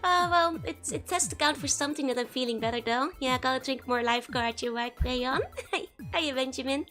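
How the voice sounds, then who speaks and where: Bubbly hoarse woman with a Dutch accent. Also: high-pitched, fairly quick, fairly bright tone, soft background music. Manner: bubbly, laughs often, greets chat by name. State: hoarse from being sick. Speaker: streamer. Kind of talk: casual live-stream chat.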